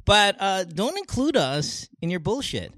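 A man's voice: sits high, sing-song, unhurried, bright, forceful tone, no room sound, studio quality. A man from the Philippines hosting a call-in podcast over a video call, ranting with lots of swearing and laughter. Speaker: podcast host taking callers. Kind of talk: casual chat.

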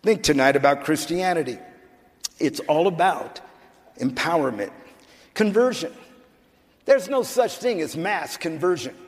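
Older guy preaching, pretty high voice, talks to the crowd like a chat, echoey church hall. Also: lively intonation, a little slow, long pauses. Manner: emphatic, conversational preaching with restarts and asides. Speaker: pastor. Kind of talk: sermon. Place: church sanctuary. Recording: church hall with long reverb.

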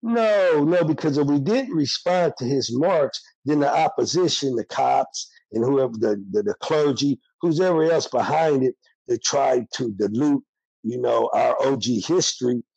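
An older man talks bluntly in a candid interview, streetwise and heated. His voice is gravelly and dark with a husky edge. The sound is close and dry. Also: medium pitch, normal speed, dry recording, low-quality recording. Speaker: interviewee, former prisoner.

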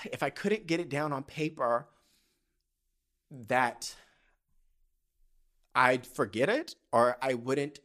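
A man's voice: mid-range voice, slow pace, pauses often, a bit bright. A young man hosting a casual solo podcast, telling personal stories in a candid, profane and emotional way. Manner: candid, profane, emotional, often tearful and laughing. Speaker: podcast host.

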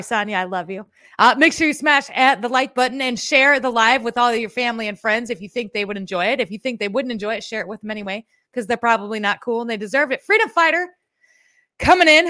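Chatty woman hosting her live stream, kinda high voice, sassy and swears, dry close mic. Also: fairly bright tone, no echo. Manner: sassy and chatty, with profane asides. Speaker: host of a live show. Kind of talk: casual live-stream chat.

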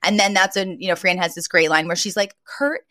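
A woman's voice: lowish voice, fast talker, dry recording, studio quality. A woman co-hosting a podcast, recapping a sitcom episode in casual, chatty talk full of fillers. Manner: chatty, many fillers, lively retelling. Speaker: podcast co-host.

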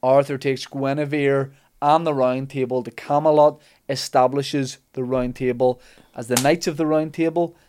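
A man, co-hosting a podcast, telling an old legend as a sweary, animated comic story. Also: medium pitch, normal speed, clean tone. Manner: animated, sweary retelling with put-on character lines. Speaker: podcast co-host.

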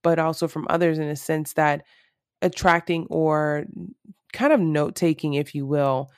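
A woman's voice: sits low, moderate pace, clear, resonant tone, no room sound, clean studio sound. A woman talking to camera in a casual, reflective monologue, earnest and rambling with lots of fillers.

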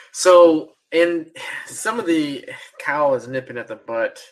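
A man's voice: fairly high pitch, slow pace, low-quality recording. A man co-hosting a podcast in casual chat, laid-back and profane, laughing often. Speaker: podcast co-host.

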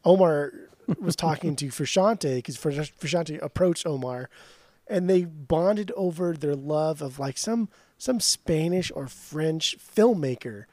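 A man's voice: a little high, takes it slowly, a little mellow, dry recording. A man co-hosting a podcast, telling stories in a loose, profane way with lots of restarts. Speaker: podcast co-host. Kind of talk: casual chat.

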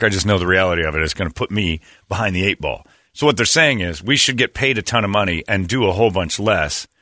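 A man's voice: fairly low pitch, pushed and bright, dry recording, studio quality. A man hosting a talk show, telling stories in a blunt, sarcastic way. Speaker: show host. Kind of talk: casual chat.

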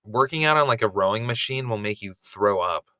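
A man co-hosting a podcast, recapping a TV show in casual chat, animated and joking, swearing freely. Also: on the low side, a little fast, no room sound. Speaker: podcast co-host.

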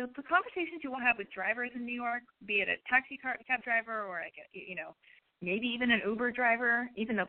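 A young woman hosting an online radio show, telling a story in a rambling, profane, self-interrupting way. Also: a little high. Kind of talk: casual rambling monologue. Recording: phone-like narrow band audio.

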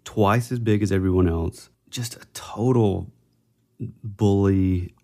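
A man's voice: sits low, fairly even intonation, takes it slowly, warm tone. A man in casual conversation, adding dry joking asides and telling his own story. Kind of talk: casual chat.

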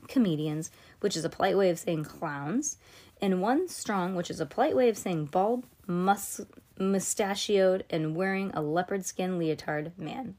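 A woman's voice: on the low side, darkish tone. A woman hosting a podcast, reading a children's novel aloud in a casual way with chatty asides. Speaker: podcast host.

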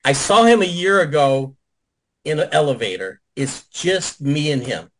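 A man, a guest on a video call show, telling stories in a lively, profane way and acting out what people said. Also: fairly high pitch, a little slow, a little hiss or hum, poor audio. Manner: animated, profane, acts out quotes. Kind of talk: casual storytelling on a video call.

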